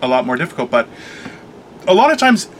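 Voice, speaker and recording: A man chatting casually as a co-host, telling an animated story, acting out quotes and laughing often. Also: fairly high pitch, brisk, a little hiss or hum. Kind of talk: casual chat.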